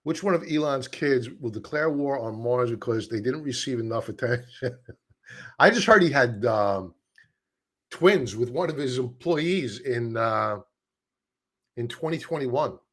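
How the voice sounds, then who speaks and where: A man's voice: mid-range voice, animated, measured pace. A man hosting a live stock-chart stream, talking in a chatty, sarcastic way with many asides. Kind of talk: casual live-stream commentary.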